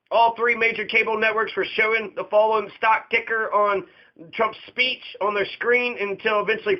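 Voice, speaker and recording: A man with a high-pitched voice delivers a sarcastic, profanity-laced political rant. The sound is dull and lo-fi, with the top end rolled off. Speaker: host.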